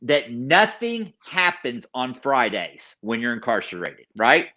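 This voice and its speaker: A man's voice: mid-range voice, sing-song, slow, bright, forceful tone, muffled recording. A man guest telling his personal recovery story in an interview. He is an emphatic storyteller who repeats key phrases and acts out other people's lines. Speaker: podcast guest.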